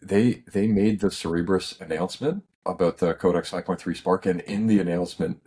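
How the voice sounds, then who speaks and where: Male podcast co-host, very deep husky voice, wry explanatory delivery. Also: fairly even intonation, brisk, dark tone. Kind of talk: casual chat.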